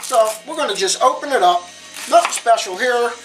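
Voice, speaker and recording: A high-voiced woman hosts a home cooking lesson, chatty and full of exclamations as she walks through each step. Clear guitar music plays behind her voice. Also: lively intonation, moderate pace, poor audio. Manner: chatty, upbeat, often exclaims "boom" and asks "okay?". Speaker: cooking show host. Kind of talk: casual cooking demonstration.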